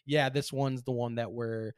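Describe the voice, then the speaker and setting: Young male podcast co-host, teasing and chatty, mid-pitched, dry close recording. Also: fairly even intonation, normal speed, clean tone, dry recording. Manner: laughs often, teasing, lays out hypotheticals. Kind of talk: casual podcast conversation.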